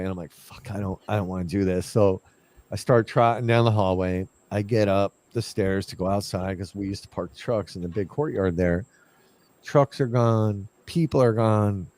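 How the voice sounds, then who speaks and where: Low-voiced man telling a ghost story. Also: dry recording. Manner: animated, acts out his own past lines. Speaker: paranormal investigator telling a story. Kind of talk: casual storytelling chat.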